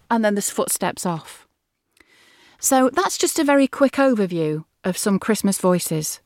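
A woman's voice: medium pitch, animated, a little slow, darkish tone, no room sound, studio quality. A woman voice actor chatting through a demo of character voices, laughing now and then.

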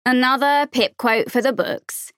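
A bold teenage girl with a lively, teasing way of talking. A woman voices her while reading an audiobook. The voice sits slightly higher, and the sound is dry. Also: a little slow, no echo.

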